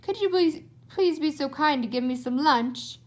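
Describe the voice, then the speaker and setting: A woman's voice: high-pitched, animated, normal speed. A woman voicing polite young Jack from a fairytale. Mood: eager.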